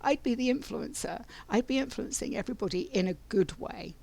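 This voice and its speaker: A jovial, proper old British wizard , channeled by a woman with a London English accent, brags with good humour. The voice sits a little higher than her usual talk and keeps her gravelly fry. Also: animated, fairly quick, a little mellow. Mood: boastful.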